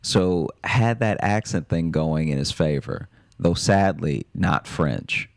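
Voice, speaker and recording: Casting: male podcast host, very deep voice, dry comic reading of listener mail, close dead-dry mic. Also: lively intonation, slow pace, vocal fry, no echo.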